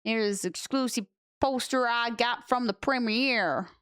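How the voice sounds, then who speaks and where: A woman's voice: on the high side, a little slow, fairly bright tone, clean tone, no room sound. A young woman streamer chatting casually with her viewers and answering chat on a close mic.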